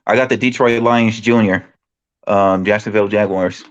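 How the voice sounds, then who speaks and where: A man's voice: fairly low pitch, steady tone, moderate pace, highs cut off. A man on a sports podcast panel, joking and teasing, saying "bro" a lot. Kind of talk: casual podcast chat.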